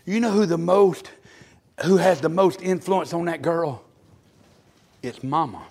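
A man preaching a fervent revival sermon in a church, moving between quiet storytelling and loud shouted exclamations. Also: on the high side, measured pace, vocal fry. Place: church sanctuary.

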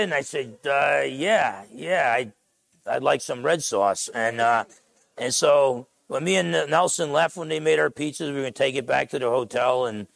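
A man's voice: a little high, creaky, fairly bright tone, no room sound. A middle-aged man with a New Jersey accent, preaching a sermon and telling a story, acting out the people he quotes. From Essex County, New Jersey. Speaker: pastor.

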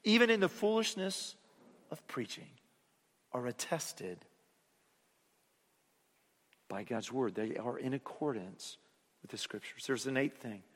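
A man preaching a sermon, rising to loud emphatic lines and then dropping to hushed, low endings. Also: sing-song, takes it slowly, long pauses. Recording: long hall reverb.

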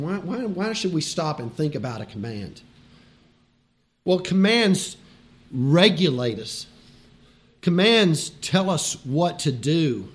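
A preacher with a high male voice. He talks to his congregation like friends, leans hard on his key words, and chuckles now and then between his points. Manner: conversational, emphatic, laughs between points. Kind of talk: sermon.

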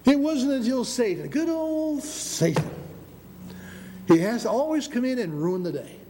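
In a reverberant hall with faint background noise, a man with a Michigan Upper Peninsula accent preaches a sermon. His voice is extremely high and very animated, and he moves briskly, speaking emphatically, repeating phrases, and occasionally tripping over words.

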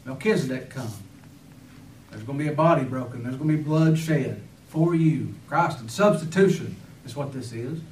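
A man's voice: mid-range voice, moderate pace, darkish tone, slight background noise. A man preaching a sermon with fervor, firing rhetorical questions and breaking into sudden emphatic bursts. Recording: echoey room, voice from far off.

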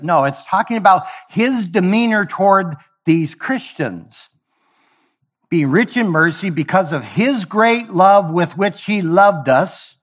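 A man preaching a sermon, emphatic, repeating key phrases and acting out little dialogues. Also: high-pitched.

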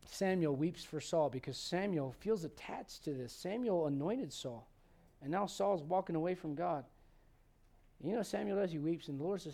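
A man's voice: fairly high pitch, expressive, normal speed, vocal fry, warm tone. A man in his forties preaching a sermon, acting out Bible characters with humor. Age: 40s. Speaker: pastor.

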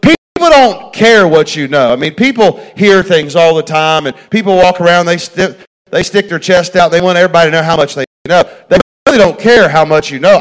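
A middle-aged man preaching a folksy sermon, repeating phrases and talking straight to his congregation. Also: sits high. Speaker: pastor.

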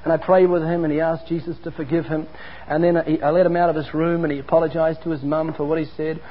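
A man's voice: a little high, flat delivery, quick pace. A man preaching a sermon, earnest and emphatic, mixing scripture with personal stories. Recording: dull lo-fi recording.

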